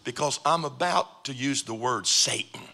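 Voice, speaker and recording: A man preaching a sermon in a church, joking with sudden loud outbursts and quiet asides. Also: medium pitch, moderate pace. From United States. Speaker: pastor. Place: church auditorium.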